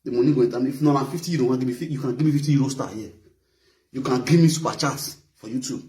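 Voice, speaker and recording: A man's voice: quick pace, recorded from a distance. Nigerian man ranting from across an echoey room. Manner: animated, mocking, mimics others in high voices. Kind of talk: ranting live-stream commentary.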